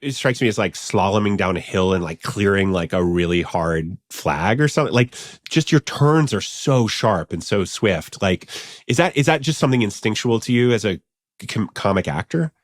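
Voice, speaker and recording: A man's voice: lowish voice, animated, moderate pace. A man co-hosting a podcast who asks the guest questions with enthusiasm and rambling phrasing. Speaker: podcast co-host. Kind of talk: casual podcast chat.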